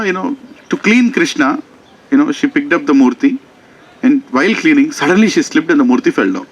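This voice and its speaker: A man with an Indian English accent telling a story in a conversational sermon at a temple, animated and full of "you know" fillers. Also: a little high, poor audio. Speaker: preacher.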